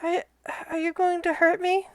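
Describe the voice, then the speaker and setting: A woman's voice: very high-pitched, level tone, normal speed, no room sound, pitched above the performer's own voice. A woman voicing a small frightened caged flying monkey that pleads in short broken phrases. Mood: pleading.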